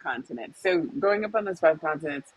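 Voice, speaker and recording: A woman's voice: lowish voice, fast talker, low-quality recording. A woman co-hosting a podcast, talking at length in a rambling, chatty way with restarts, who teaches a university class. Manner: talkative, rambling with restarts and laughs. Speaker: co-host; university instructor. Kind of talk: casual podcast conversation.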